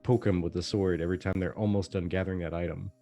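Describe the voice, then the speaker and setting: Deep-voiced man podcast co-host. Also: soft background music. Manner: animated storyteller, drawn-out explanations. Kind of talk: casual gaming chat.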